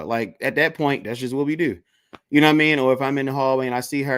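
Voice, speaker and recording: A man hosting a video-call interview, telling a story in a casual, animated way and acting out the people in it. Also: medium pitch, fairly quick. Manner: animated, acts out the voices in his stories.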